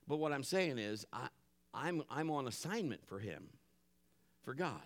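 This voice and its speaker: Animated male pastor preaching. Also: mid-range voice, a little slow. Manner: animated preaching, acts out his family's voices; drops to a hushed voice for calm moments. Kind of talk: sermon.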